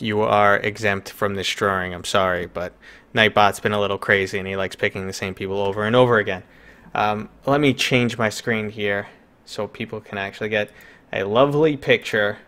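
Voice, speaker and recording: A man's voice: on the low side, a bit bright, clean tone. A man with a New York accent hosting a live stream, chatting loosely and joking with lots of fillers. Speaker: streamer host. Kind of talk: casual live-stream chat.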